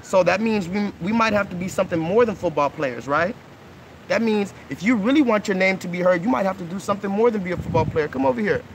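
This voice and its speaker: By a pool outdoors, a thirty-something man streams live into his phone, talking casually with kids in a high, quick voice. He coaxes earnestly, dropping in "okay?" and "right?" again and again, with a little hiss or hum in the audio.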